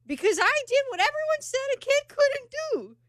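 A woman's voice: very high-pitched, big pitch swings, normal speed, fairly bright tone, no echo, studio quality, voice pushed up, full character voice. A woman doing an impression of an earnest young cartoon sea sponge, breaking into giggles. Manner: earnest speech broken by giggles. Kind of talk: impression on a radio show.

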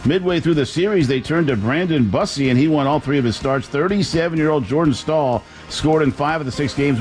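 A man reporting a sports news roundup, reading scores in a brisk, clipped way. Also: medium pitch, a little mellow.

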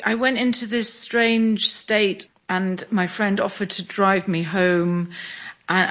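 A middle-aged woman from Scotland telling her story in an interview, measured, with small restarts. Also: on the low side, fairly bright tone. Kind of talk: reflective interview.

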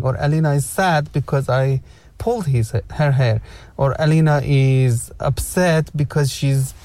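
A man's voice: medium pitch, a little slow, darkish tone, no echo. A man hosting a casual discussion, guiding the others with encouraging advice and frequent repeats. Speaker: host.

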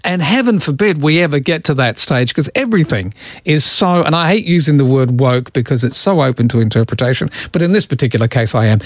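A man's voice: a little high, no echo, clean studio sound. An Australian man hosting a talk radio show, chatty and emphatic, talking with a caller. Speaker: radio host. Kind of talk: casual talk radio chat.

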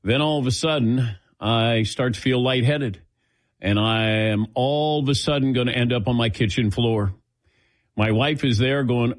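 A man's voice: mid-range voice, moderate pace. Self-mocking male talk show host. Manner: self-mocking storyteller, acts out quotes. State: lightheaded after giving blood. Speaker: sports radio host. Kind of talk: casual talk show chat.

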